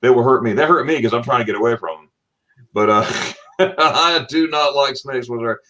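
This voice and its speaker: A middle-aged man from Florida chatting on a livestream. He tells stories with plenty of energy, putting on voices for quotes and laughing often. His voice sits in an ordinary middle pitch. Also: moderate pace. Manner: animated storyteller, acts out quotes with laughs. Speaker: livestream host. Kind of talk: casual livestream chat.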